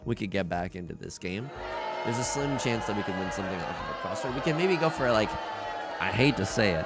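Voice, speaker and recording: A young man giving live game commentary to his chat, jokey and animated, often stumbling and repeating words. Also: mid-range voice. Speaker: streamer.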